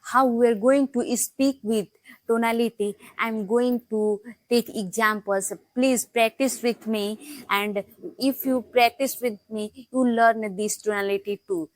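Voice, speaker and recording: A woman's voice: on the high side, fairly even intonation, slow pace, no echo. Hesitant woman learning to speak English. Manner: stresses practice sentences with rising tone. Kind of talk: casual practice vlog.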